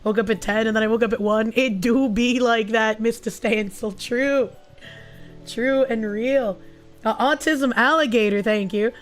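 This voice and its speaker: Hoarse, raspy woman streamer. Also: fairly high pitch, normal speed, hardly any pauses, soft background music. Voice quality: raspy, husky. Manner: casual and crude, swears often. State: hoarse, losing her voice after illness. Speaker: VTuber streamer. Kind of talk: casual livestream chat reading super chats.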